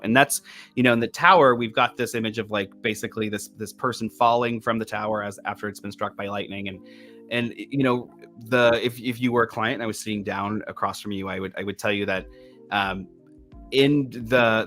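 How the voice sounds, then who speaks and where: A man's voice: lowish voice, a bit bright. Rambling man reading tarot cards. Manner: rambling, with many restarts and fillers. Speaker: medium giving a tarot reading. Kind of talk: casual podcast chat, storytelling.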